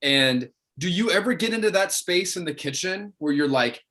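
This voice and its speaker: Brief: male interview host, bright forceful voice, enthusiastic and leading. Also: high voice, animated, normal speed. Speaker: host of an author interview series. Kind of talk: conversational interview hosting.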